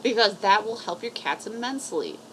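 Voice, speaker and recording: A woman's voice: medium pitch, animated, normal speed, pushed and bright, slight background noise, rough recording. A woman from a cat rescue giving casual, blunt advice to camera, rambling and swearing freely.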